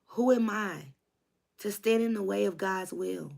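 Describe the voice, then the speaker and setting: A woman's voice: mid-range voice, a little slow, gravelly, a little mellow. A woman doing a spiritual tarot reading for her viewers, preaching with rhythmic repetition and a hyped, encouraging manner. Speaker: tarot reader.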